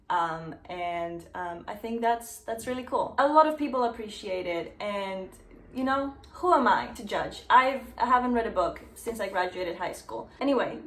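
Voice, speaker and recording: A woman's voice: mid-range voice, reverberant. Sarcastic, swearing young woman. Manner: sarcastic, profane, laughing. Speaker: YouTuber. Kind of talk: comedic fanfiction reading.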